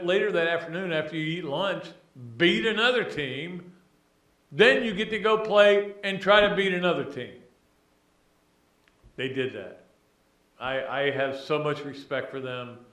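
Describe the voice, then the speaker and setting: A middle-aged man hosting a sports podcast, talking casually in a rambling, animated, emotional way with many restarts. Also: fairly high pitch. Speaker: podcast host. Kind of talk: casual sports talk monologue. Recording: roomy echo.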